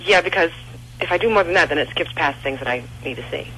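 A man with a bright, higher voice calls in over a tinny phone line with a faint hiss. He gives plain, brief answers. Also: lively intonation, quick pace. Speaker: caller.

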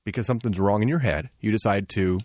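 A man's voice: on the low side, fast, a little mellow, no echo, studio quality. A man co-hosting a radio tech show, bantering and giving advice directly. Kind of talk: casual radio tech talk.

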